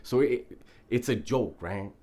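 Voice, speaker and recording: A man's voice: on the low side, a little slow, mellow. A man telling a prison story in a laid-back, profane, casual way, often breaking into laughter.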